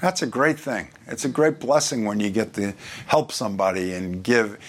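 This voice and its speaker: A pastor from New York with a New York accent, preaching in a conversational way with joking asides and scripture read aloud. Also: male voice, fairly low pitch, moderate pace, slight background noise. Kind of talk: sermon.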